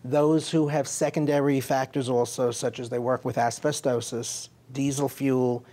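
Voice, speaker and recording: A man's voice: medium pitch, little pitch movement, moderate pace, mellow. A man, a physician hosting a health interview, asking leading questions and summarizing. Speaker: physician host. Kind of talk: medical interview.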